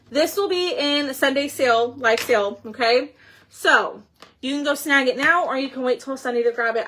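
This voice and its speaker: A woman's voice: fairly high pitch, a bit bright, slight background noise. A woman hosting a casual crafting livestream, chatting and thinking aloud as she works. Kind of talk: casual live crafting chat.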